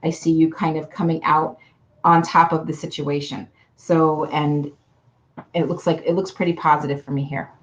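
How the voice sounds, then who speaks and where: A woman's voice: low voice, little pitch movement, moderate pace. A woman giving casual card readings to viewers on a livestream, chatty and affectionate, calling people hun. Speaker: card reader.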